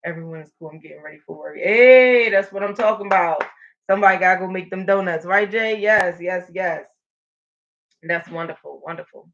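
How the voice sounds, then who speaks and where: A woman's voice: fairly low pitch, moderate pace, lo-fi sound, slight background noise. A woman hosting a live stream, energetically encouraging viewers and reading their comments aloud. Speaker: motivational livestream host.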